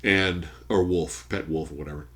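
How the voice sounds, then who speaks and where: A man hosting a podcast, casually recapping a movie plot as an animated storyteller who swears freely. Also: low voice, normal speed. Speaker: podcast host. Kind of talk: casual movie review chat. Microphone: studio podcast mic.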